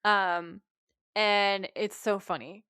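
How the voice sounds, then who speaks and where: A woman's voice: medium pitch, slow, clean tone, dry recording. A woman co-hosting a casual podcast, talking through a TV episode with lots of energy. Her voice sits in an ordinary middle register and she laughs readily. The sound is dry and close, with no room around it. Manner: lively, laughs often, acts out quoted lines. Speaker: podcast co-host. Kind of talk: casual chat recapping a TV episode.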